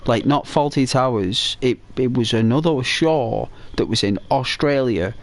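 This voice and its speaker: A man's voice: mid-range voice, a little slow. A man casually chatting while playing a game, rambling and hesitant, full of fillers and restarts. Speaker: gaming channel host.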